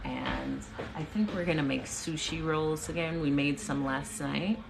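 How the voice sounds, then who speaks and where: A woman's voice: sits low, sing-song, a little slow, gravelly, background noise. A middle-aged woman storyteller chatting casually to livestream viewers from her home kitchen, effusive and upbeat, thanking people by name. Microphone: phone livestream.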